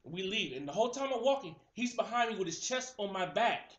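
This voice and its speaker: Fast-talking young man telling a story. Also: high-pitched, echoey room, highs cut off. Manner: animated storytelling, acting out quoted people. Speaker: host. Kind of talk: casual chat.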